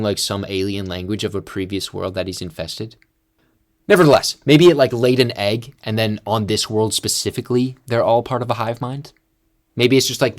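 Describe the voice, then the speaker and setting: A man hosting a film review show, retelling scenes in a rambling, chatty way and acting out quotes. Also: lowish voice. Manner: chatty with frequent "like" fillers. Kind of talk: casual film discussion.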